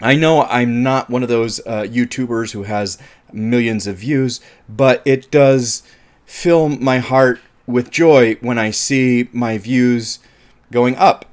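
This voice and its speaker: An American man from California hosts an unedited movie review vlog. He rambles in a chatty, self-deprecating way at an ordinary male pitch. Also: slow pace. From California, USA. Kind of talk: casual unedited video review.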